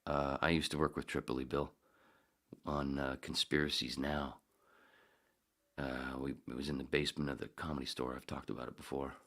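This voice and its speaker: Very deep-voiced rambling male podcast host. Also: flat delivery, normal speed, gravelly, a bit bright. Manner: rambling, swears a lot, mutters asides. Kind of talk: casual solo podcast chat.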